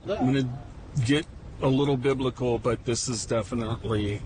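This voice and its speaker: An American man, a journalist, reporting on camera from a street, emotional and halting. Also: mid-range voice, steady tone, background noise. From United States. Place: outdoors on a city street.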